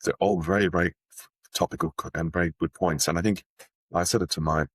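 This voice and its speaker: A man's voice: sits low, fairly even intonation, brisk, a bit bright, husky, no echo. A man hosting a casual business chat, rambling through anecdotes and cutting himself off mid-sentence. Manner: rambling, anecdotal, self-interrupting. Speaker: podcast host.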